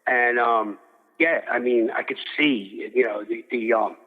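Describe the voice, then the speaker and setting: A man's voice: medium pitch, fairly even intonation, unhurried. Rambling middle-aged man on a tinny line. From Philadelphia. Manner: rambling, many restarts, acts out quotes. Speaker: boxing cutman, guest. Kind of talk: casual interview storytelling. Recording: phone-like line with long reverb.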